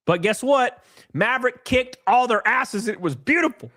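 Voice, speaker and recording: A man hosting a live stream, chatting casually and joking loudly with viewers while sick and sniffly. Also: extremely high pitch, lively intonation, normal speed, no echo, studio quality. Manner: rowdy, jokey, loud exclamations and laughs. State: sick and sniffly, stuffed nose.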